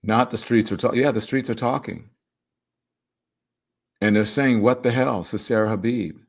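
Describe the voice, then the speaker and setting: A man hosting a livestream talk show, reading viewer comments and reacting in an animated, emphatic way with teasing asides. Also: on the low side, normal speed, vocal fry.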